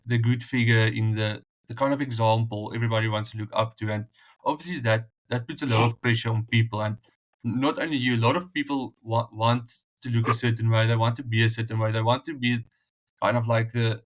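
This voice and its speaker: A man interviewing a guest, asking long questions hesitantly and stumbling over his words. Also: medium pitch.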